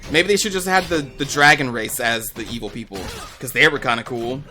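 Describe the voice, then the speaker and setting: A man's voice: medium pitch, fairly quick, bright, forceful tone, soft background music. A young man rambling casually as a gaming channel host, talking over his gameplay with lots of fillers and the odd swear word.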